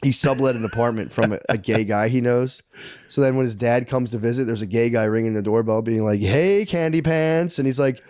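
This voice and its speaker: A man co-hosting a podcast, retelling a book in a rambling, animated way, full of "dude" and "like". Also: medium pitch, fairly quick, no room sound. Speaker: podcast co-host. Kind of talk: casual chat, retelling a book.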